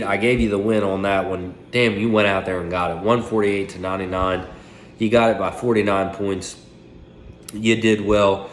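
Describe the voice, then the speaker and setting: A man's voice: on the low side, reverberant, a little hiss or hum. A man in his late twenties giving a casual, profane recap of a fantasy football week, talking into a phone propped up indoors. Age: late 20s. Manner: profane, loose, trash-talking. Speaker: fantasy football league commentator.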